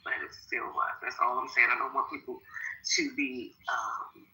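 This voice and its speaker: A woman's voice: a bass voice, sing-song, normal speed, sharp tone. A woman guest in a heated podcast debate, insistent and explaining at length. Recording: roomy echo.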